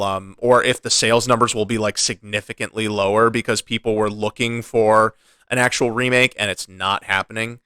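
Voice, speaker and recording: A man co-hosting a casual gaming podcast, ranting in a frustrated, animated way with many restarts. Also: fairly low pitch, clean tone, no echo. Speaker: podcast co-host.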